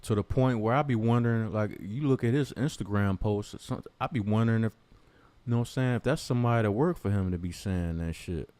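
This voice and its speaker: A man's voice: lowish voice, quick pace, darkish tone, no echo. A man ranting in a commentary vlog, confrontational and mocking, swearing heavily. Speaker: commentary vlogger.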